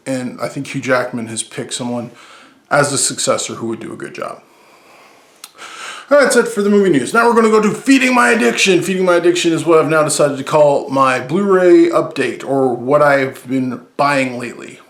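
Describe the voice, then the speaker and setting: A man's voice: medium pitch, fairly bright tone. A man hosting a movie podcast in a casual, rambling, upbeat way, often correcting himself mid-sentence. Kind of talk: casual solo chat. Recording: echoey room.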